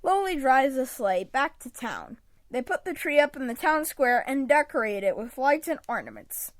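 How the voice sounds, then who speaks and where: Speaking close to a home microphone, a storybook reader gives a children's picture book an expressive read-aloud. She has a high voice, keeps a moderate pace, and there's no echo.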